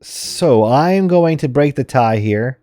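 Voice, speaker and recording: Chatty, mellow-voiced male streamer. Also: medium pitch, animated, slow, soft background music. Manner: rambling, chatty, laughs often. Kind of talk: live game-stream commentary.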